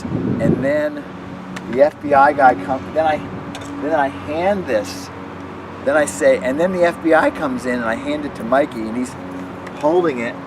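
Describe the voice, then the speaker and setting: Guy showing magic tricks, kinda rambly and excited, far from the mic, street noise around. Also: medium pitch. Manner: animated, rambling, restarts often. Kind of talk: casual tutorial demonstration. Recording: distant mic with clear background noise.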